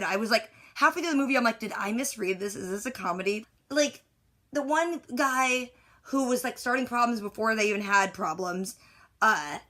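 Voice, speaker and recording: A woman with a slightly high voice rants casually about a movie, rambling and exasperated. She fills her talk with "like" and restarts as she piles up complaints. Her own side of a phone call is recorded on a device. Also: fairly bright tone. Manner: exasperated, rambling, heavy use of "like". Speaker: movie recap vlogger. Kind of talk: casual ranting movie recap.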